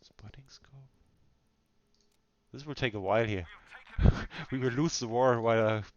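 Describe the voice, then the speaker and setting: A man with a mid-range, unhurried voice chats through a video game in a casual let's-play, poking fun at himself and often laughing to himself. The recording is lo-fi with slight background noise.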